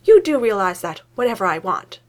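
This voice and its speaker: A woman voicing a fussy, grumbling male academic, low and clipped. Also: sing-song, brisk, natural voice.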